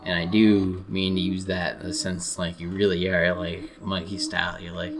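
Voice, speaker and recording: A young man with a low, deep voice, rambling loosely over gameplay. He swears freely and keeps a sarcastic edge, circling back with lots of fillers. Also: little pitch movement, normal speed, hardly any pauses, crowd noise. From United States. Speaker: gaming commentator.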